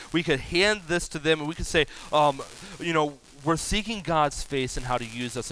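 A man preaching a sermon as pastor, animated, rising loud for emphasis. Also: a little high, slight background noise, poor audio.

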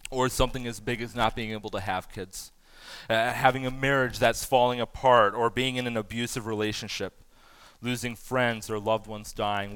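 Bright-voiced animated pastor preaching. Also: male voice, mid-range voice, smooth, dry recording. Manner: animated, self-deprecating humor, loudly acts out quotes. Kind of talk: sermon.

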